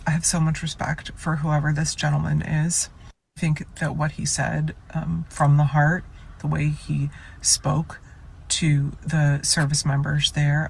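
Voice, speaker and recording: A woman's voice: deep voice, gravelly, a little mellow, husky. A woman speaking earnestly and a little choked up, sharing her admiration for what she has just watched. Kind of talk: emotional commentary on a video call.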